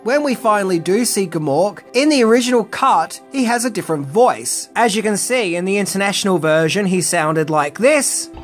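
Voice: medium pitch, lively intonation, normal speed, few pauses, soft background music. A video essay narrator giving casual film commentary with wry, conversational asides.

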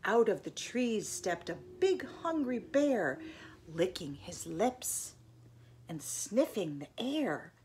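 A woman's voice: mid-range voice, slow, slight background noise. Older woman reading a bedtime story. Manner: expressive, gentle read-aloud. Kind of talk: reading a picture book aloud.

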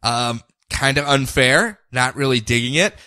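A man's voice: mid-range voice, a little slow, no room sound, studio quality. A man playing Superman, weary and wry. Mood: resigned. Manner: wry, deadpan self-pity. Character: dying male superhero, weary and resigned.

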